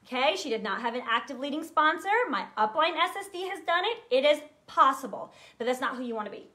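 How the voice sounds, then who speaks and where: High-voiced, fired-up woman speaker. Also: fast talker. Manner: energetic, earnest, fired up, talks directly to viewers. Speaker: sales team leader. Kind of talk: live video training talk.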